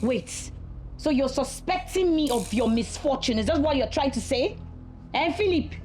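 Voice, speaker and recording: A high-voiced indignant young wife. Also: female voice, lively intonation, moderate pace, a little mellow, slight background noise. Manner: emphatic, indignant, repeats herself. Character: hurt, indignant young wife defending herself. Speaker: partner. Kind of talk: film drama acting.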